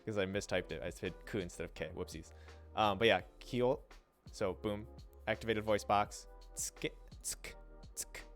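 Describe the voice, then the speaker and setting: A young man with a fairly low voice talks casually through a pronunciation lesson on a livestream. He trails off, restarts and slows down to sound out syllables. Faint music plays softly behind him. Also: steady tone. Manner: loose and chatty, trails off and restarts, demonstrates sounds slowly. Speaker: streamer teaching Japanese.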